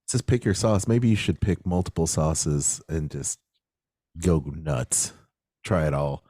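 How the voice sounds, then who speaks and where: A man with a very low voice chats on a podcast, playful and quick with a joke. He laughs easily. The sound is dry and close, with no room echo. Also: animated, warm tone. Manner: playful, jokey, laughs often. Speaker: podcast co-host. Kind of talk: casual chat.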